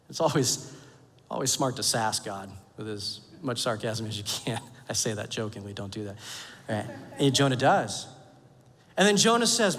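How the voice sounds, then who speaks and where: Guy preaching a sermon, jokey and animated, pitch jumps all over. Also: unhurried, pauses often. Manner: animated, jokey storytelling with playful quoted voices. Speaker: pastor. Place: church sanctuary. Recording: long hall reverb.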